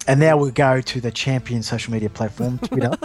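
A man's voice: mid-range voice, brisk, darkish tone, faint music behind. A man hosting a podcast, chatting casually and reading out listener lists in a jokey, self-deprecating way. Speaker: podcast host.

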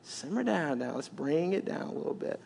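A man preacher voicing a calm, gentle man who softly and unhurriedly chides a fretful woman. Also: very high voice, in a large hall, full character voice. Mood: soothing. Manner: soft, gently chiding, unhurried.

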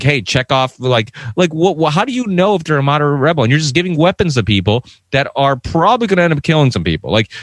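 A man's voice: mid-range voice, no room sound. A man co-hosting a podcast, ranting heatedly and swearing freely, with lots of restarts as he gets worked up. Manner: talks in run-on restarts. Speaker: podcast co-host. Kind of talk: casual podcast discussion.

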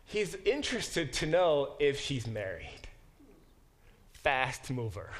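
A middle-aged man leading a Bible study class in a slightly higher voice. He reads verses aloud and stops to unpack the Hebrew words. He often restarts and corrects himself mid-sentence. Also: very animated, fairly bright tone. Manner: reads scripture aloud, pausing to explain Hebrew words, with frequent self-corrections. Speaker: Bible teacher.

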